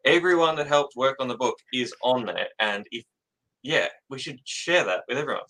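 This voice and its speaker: A man with a bright, forward voice chats as a guest in an interview. He is jittery and rambling, trips over his own sentences, and laughs often at himself. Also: medium pitch, moderate pace, poor audio. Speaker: author guest. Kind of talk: casual interview chat.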